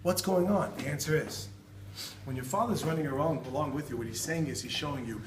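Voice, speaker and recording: Brief: animated male rabbi, story-driven sermon, distant mic, roomy echo. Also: fairly high pitch, fast talker. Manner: animated, acts out quoted voices, laughs often. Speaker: rabbi giving a talk. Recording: echoey room, distant mic, loud background noise.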